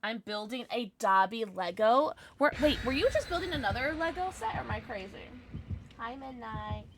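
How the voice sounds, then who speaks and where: A woman streamer chatting casually during a gameplay livestream, reacting loudly and reading chat aloud. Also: fairly high pitch, moderate pace. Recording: steady background noise.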